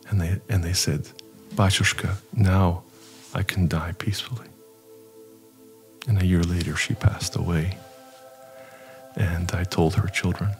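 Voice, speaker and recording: An older man, an archpriest, telling stories in an interview, animated and acting out the dialogue. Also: deep voice. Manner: animated, acts out dialogue, repeats words for emphasis. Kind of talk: anecdotal storytelling in an interview.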